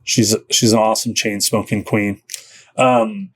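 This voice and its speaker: This man, a band musician appearing as a podcast guest, has a lowish voice with little pitch movement and an unhurried pace. He talks casually in the interview, rambling with lots of "you know," restarting often and laughing between phrases.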